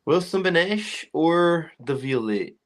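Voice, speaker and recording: A man's voice: on the high side, lively intonation, slow. A man co-hosting a casual chat, blunt and opinionated, with a slangy, offhand way of talking. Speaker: co-host.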